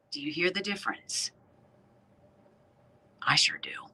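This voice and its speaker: A woman's voice: lowish voice, measured pace, pauses often, sharp tone, breathy edge, whispered, poor audio. A woman hosting a talk radio show, delivering commentary in an emphatic, sarcastic way. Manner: emphatic and sarcastic, with mocking put-on quotes.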